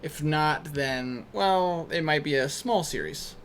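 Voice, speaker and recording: A man hosting a let's-play video, chatting in an excitable way full of fillers and restarts. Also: on the high side, slow pace, slight background noise. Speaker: gaming video host. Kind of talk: casual let's-play commentary.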